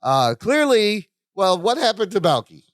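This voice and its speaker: High-voiced man recapping a sitcom. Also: unhurried, dry recording, clean studio sound. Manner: animated retelling, acts out lines. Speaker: podcast co-host. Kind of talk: casual chat recapping a sitcom episode.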